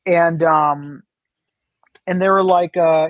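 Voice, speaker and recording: A man's voice: high-pitched, moderate pace, no echo. A man chatting as a podcast guest, rambling through stories with many fillers and restarts. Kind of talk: casual chat.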